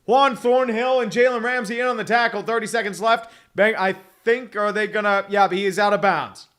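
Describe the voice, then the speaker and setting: A man's voice: high voice, a little fast. A young man calling a football game live, reading viewer messages, cursing and joking sarcastically between plays. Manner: profane, sarcastic, swings from mumbling asides to excited calls. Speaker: streamer doing live play-by-play and reading donations. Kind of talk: casual live play-by-play commentary.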